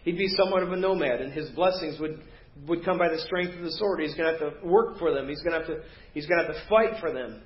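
A man preaching a sermon as pastor, animated and acting out the voices of the people in his story. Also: on the high side, fast. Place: church sanctuary. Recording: roomy, dull church recording.

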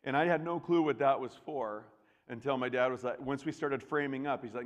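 A middle-aged man preaching a sermon, telling a story with lively acted-out voices. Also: mid-range voice, brisk. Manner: animated storytelling, acts out voices. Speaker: pastor. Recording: long reverb of a large hall.

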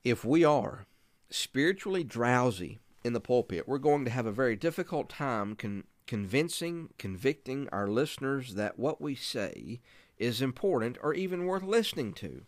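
A man's voice: medium pitch, very animated, normal speed, no echo. A man teaching other preachers in an earnest, emphatic way. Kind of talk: preaching instruction.

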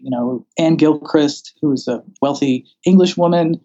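A man's voice: a little high, moderate pace, mellow, lo-fi sound. A man from the American South, interviewed as a scholar, speaking in a wry, thoughtful way with many restarts and fillers. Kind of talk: conversational interview.

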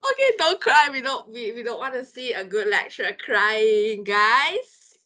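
A woman hosting a casual chat with a Malaysian English accent, playful and excitable. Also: on the high side, measured pace.

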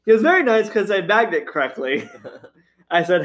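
A man with a somewhat high voice talks casually and chattily, often pausing on fillers like "um". He laughs easily between stories about his old cashier job. His delivery is relaxed and conversational. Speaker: former grocery store cashier. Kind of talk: casual storytelling chat.

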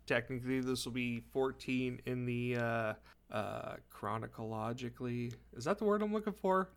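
A man's voice: medium pitch, normal speed, clear, resonant tone. A young man co-hosting a casual podcast, chatty and upbeat, with lots of fillers. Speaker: podcast co-host.

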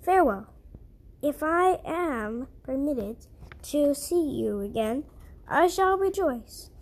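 A woman reading the part of a calm, gentle middle-aged Christian mother speaking to her captors in a story, her voice steady and halting. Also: high-pitched, full character voice, low-quality recording. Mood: tender farewell.

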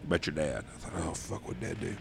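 A man, hosting a podcast and telling profane, animated stories in casual chat. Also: low-pitched, fast, gravelly, noisy background. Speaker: podcast host. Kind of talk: casual storytelling.

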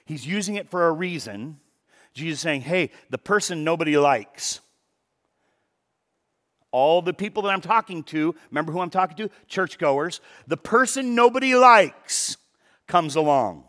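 A man preaches with animated delivery and a slightly high voice. He drops to near-hushed tones, then climbs into loud, emphatic bursts. He often repeats words for emphasis and slips into quoted dialogue. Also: normal speed. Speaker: pastor. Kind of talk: sermon.

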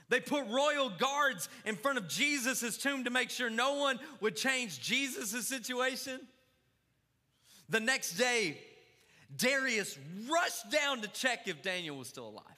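Man, pastor, fervent sermon, very bright tense tone, long church reverb. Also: very high-pitched, very animated, slow, long pauses. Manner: fervent preaching with crowd call-outs. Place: church sanctuary.

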